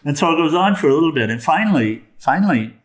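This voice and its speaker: A man, a spiritual teacher, telling a story in a sermon in a relaxed way, with chuckles and many fillers. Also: a little high.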